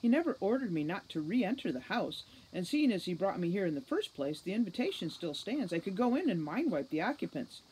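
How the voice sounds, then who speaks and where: A woman's voice: mid-range voice, big pitch swings, a little fast, hardly any pauses, dark tone, husky, voice pushed up, rough recording. A woman voicing a determined young female elf police captain who pleads and argues earnestly.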